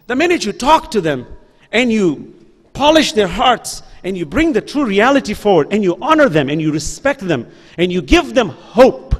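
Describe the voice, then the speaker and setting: A man with a fairly high voice delivers an impassioned sermon, pressing his listeners with repeated rhetorical questions. His voice rings through a large hall with a long reverb. The delivery is earnest and urgent. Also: sing-song, normal speed. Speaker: lecturer at a religious gathering. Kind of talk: impassioned religious lecture. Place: school hall before an audience.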